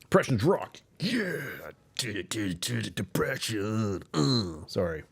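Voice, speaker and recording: Drawing out his words in a gravelly, slightly rough voice, this man hosts a casual livestream on his channel. He rambles, chuckles often, and is self-deprecating while talking with viewers, his deep tone occasionally sinking even lower.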